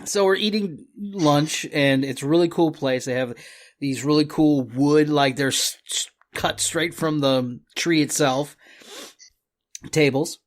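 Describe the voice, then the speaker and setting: A man's voice: fairly high pitch, a little slow. A man hosting a podcast, telling a rambling trip story with frequent laughs and swearing. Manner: laughs often, swears freely, rambling anecdotes. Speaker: podcast host. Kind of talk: casual storytelling chat.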